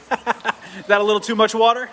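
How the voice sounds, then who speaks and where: This host, also a triathlon coach, demos a swim spa live, chatty and restarting as he explains. His high-pitched voice is bright and forceful yet level in tone, delivered at a moderate pace over slight background noise.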